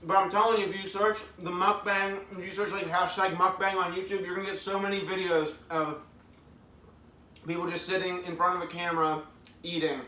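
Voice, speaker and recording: A man in his thirties chats brightly with his audience during a casual at-home eating livestream, talking with food in his mouth and reading comments aloud. He speaks briskly in a high, sharp voice with little pitch movement. The echoey room, distant mic, and slight background noise shape the sound.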